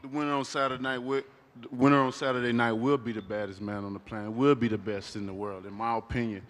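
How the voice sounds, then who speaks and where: Casual: defiant american fighter, repeats himself, reverby room. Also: male voice, mid-range voice, fairly even intonation, quick pace. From United States. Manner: defiant, repetitive. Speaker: boxer. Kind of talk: press conference trash talk.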